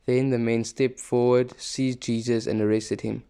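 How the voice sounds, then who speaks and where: A man reading a scripture passage aloud, steady and plain, with the odd small slip and restart. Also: mid-range voice, a little slow, clean tone. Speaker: scripture reader.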